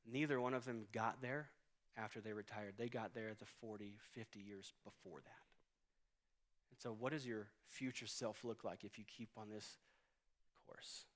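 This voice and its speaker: A man's voice: medium pitch, fairly bright tone. Casual joking pastor in his thirties. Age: 30s. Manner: conversational storytelling with humor. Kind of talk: sermon. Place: church auditorium stage.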